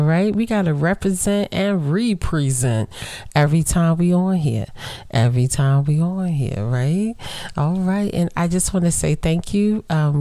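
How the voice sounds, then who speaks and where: A middle-aged woman hosting her own podcast in a casual, playful chat aimed straight at her listeners. Her voice sits low and mellow, and the sound is dry and close, with no room around it. She slows down to lean hard on the words that matter. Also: dry recording. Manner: chatty, playful, talks straight to her listeners with slow emphasis on key words. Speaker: podcast host.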